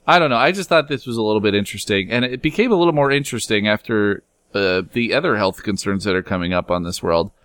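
A man's voice: on the low side, fast talker, hardly any pauses, a bit bright, no echo. A man co-hosting a casual podcast, joking around and reading out trivia questions with a rambling delivery. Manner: jokey, rambling, quizmaster. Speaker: podcast co-host. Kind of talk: casual chat.

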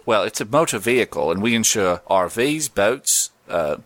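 A man's voice: expressive, normal speed, a bit bright. A man putting on a cheeky gecko insurance mascot. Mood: mock salesman. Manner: salesy, mock-earnest pitch.

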